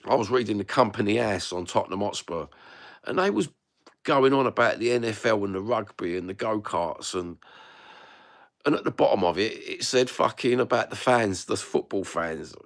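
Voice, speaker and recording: A man's voice: on the low side, expressive, moderate pace, vocal fry. A middle-aged man with a London accent, ranting bluntly and swearing freely while chatting casually to a live audience. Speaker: livestream host reading chat. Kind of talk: casual live-chat rant. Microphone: phone.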